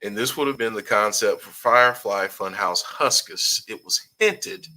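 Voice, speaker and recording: A man's voice: fairly low pitch, moderate pace, pushed and bright, rough recording. A man hosting a casual live-stream talk show, reading viewer comments aloud in an easygoing way. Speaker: host.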